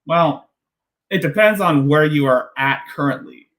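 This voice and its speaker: Slow, bright-voiced mocking commentator. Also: male voice. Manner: mocking and sarcastic, with jumpy high exclamations. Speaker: commentary host. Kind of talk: reaction commentary.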